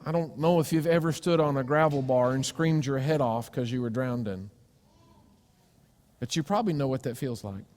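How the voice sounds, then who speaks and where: A man preaching a sermon, telling a personal story with sudden loud cries and hushed, gentle asides. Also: medium pitch, moderate pace. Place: church sanctuary. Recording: long church reverb.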